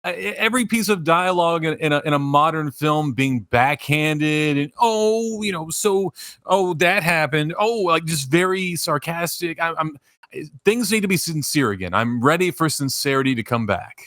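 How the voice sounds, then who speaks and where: Ranting man on a remote call, somewhat high pitch. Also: animated, normal speed, a bit bright, no room sound, studio quality. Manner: opinionated, ranting. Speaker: podcast co-host. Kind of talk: casual chat.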